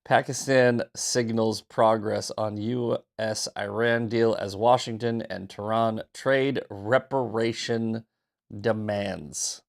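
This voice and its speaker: A man's voice: lowish voice, fairly even intonation, slow pace, gravelly. A man hosting a casual news commentary show, reading headlines with sarcastic, profane asides, just out of bed. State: just woke up. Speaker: host.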